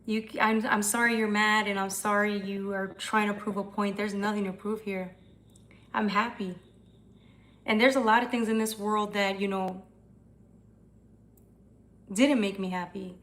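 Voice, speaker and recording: A woman's voice: medium pitch, fairly bright tone, slight background noise. Chatty woman hosting a livestream. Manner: chatty, swears, answers chat comments. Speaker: tarot livestream host. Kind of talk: casual livestream chat.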